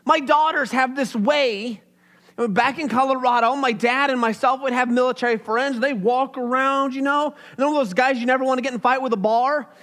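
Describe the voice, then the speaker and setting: A young man, a pastor, preaching in a conversational, animated way. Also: very high-pitched, normal speed. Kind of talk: sermon.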